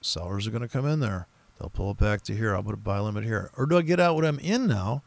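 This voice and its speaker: A man's voice: fairly low pitch, lively intonation, quick pace, creaky, no echo. A man giving rambling, profane, casual commentary while trading, often mimicking other traders. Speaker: forex trader streaming his trading.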